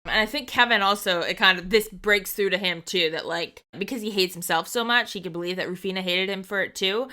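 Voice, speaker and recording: A woman's voice: mid-range voice, fairly quick, hardly any pauses, pushed and bright. A woman co-hosting a podcast, recapping a game in casual, earnest chat, swearing casually and quoting characters. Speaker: podcast co-host.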